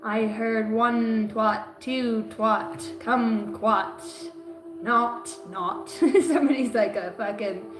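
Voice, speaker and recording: A woman's voice: fairly high pitch, takes it slowly, reverberant, over music, low-quality recording. A woman giving a zodiac card reading on a livestream, cursing a lot and rambling from joke to joke. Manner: profane, rambling and jokey. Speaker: astrology card reader.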